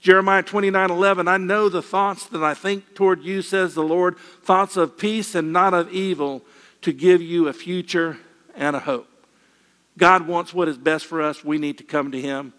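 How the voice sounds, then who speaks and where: A man's voice: high voice, fairly even intonation, moderate pace. Older male preacher in a reverberant hall. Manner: folksy, with gentle humor and repeated phrases. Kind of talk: sermon.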